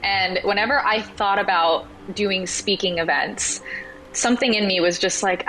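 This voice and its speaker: A woman's voice: medium pitch, normal speed, bright, forceful tone, slight background noise, poor audio. A woman guesting on a podcast, chatting casually and telling stories with lots of "like" and acted-out quotes. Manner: chatty storyteller, acts out quoted voices, says "like" often. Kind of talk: casual interview chat.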